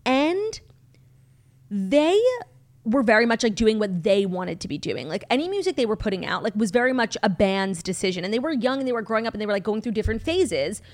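A young American woman co-hosting a podcast in casual chat, talking fast and loose with lots of fillers. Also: medium pitch, sing-song. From United States. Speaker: podcast co-host.

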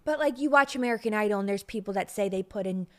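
A woman's voice: medium pitch, quick pace, a bit bright. A young woman co-hosting a podcast, teasing her partner in casual chat, laughing often and saying "like" a lot. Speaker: podcast co-host.

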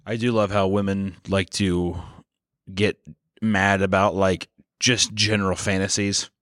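A man's voice: low-pitched, unhurried, no room sound, studio quality. A man co-hosting a podcast, joking and telling stories in casual, profane chat. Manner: profane, joking, animated storytelling. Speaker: podcast co-host.

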